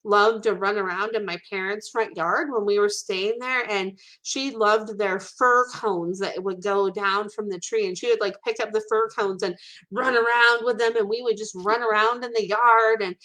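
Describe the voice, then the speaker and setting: A woman's voice: mid-range voice, steady tone, normal speed, fairly bright tone. Brief: woman, pet psychic guest, effusive, talks in a middle register. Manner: gushing, relays pets' messages in quotes. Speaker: animal communicator. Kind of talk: casual chat.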